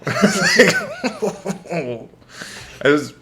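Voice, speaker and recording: Animated, profane young man telling stories. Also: on the high side, measured pace, a little hiss or hum. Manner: profane, animated, laughs often. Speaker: podcast co-host. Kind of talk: casual storytelling chat.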